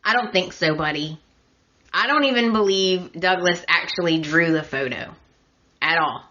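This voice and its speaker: A woman's voice: lowish voice, moderate pace, bright, forceful tone, lo-fi sound. A woman hosting a podcast, chatty and opinionated with a sarcastic edge, recapping in a casual way. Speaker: podcast host.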